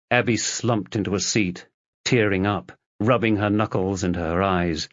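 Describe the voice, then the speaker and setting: A man narrating a mystery audiobook in a dramatic, expressive reading. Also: low-pitched, moderate pace, no room sound, highs cut off. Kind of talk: scripted narration.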